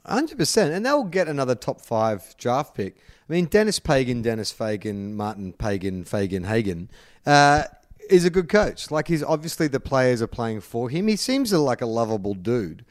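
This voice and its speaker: A man's voice: mid-range voice, normal speed, no echo, clean studio sound. An Australian man co-hosting a sports podcast, joking and swearing in casual chat. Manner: playful, swearing, lively intonation. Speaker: podcast co-host.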